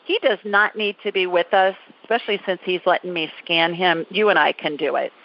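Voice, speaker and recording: A woman's voice: on the low side, steady tone, fairly quick. A woman hosting a call-in psychic show, talking callers through what she does in a reassuring, chatty way. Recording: dull, dry lo-fi call audio.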